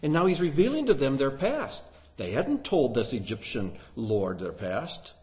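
A man's voice: mid-range voice, very animated, moderate pace, a little mellow. A man teaching through a Bible passage, reading scripture aloud with rising emphasis and asking his listeners rhetorical questions.

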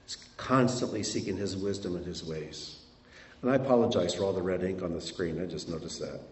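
A man's voice: low-pitched, fairly quick, darkish tone, a little hiss or hum. A middle-aged man preaching a sermon as a pastor, conversational, asking his congregation rhetorical questions. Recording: roomy sound from a distant mic.

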